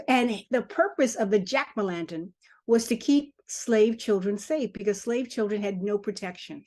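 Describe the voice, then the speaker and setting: Brief: older woman, author guest, earnest storyteller, mid-pitched voice, dry close sound. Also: normal speed, a little mellow, dry recording. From Charleston, South Carolina family; grew up in Harlem. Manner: earnest storytelling, emphatic repetition. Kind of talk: podcast interview.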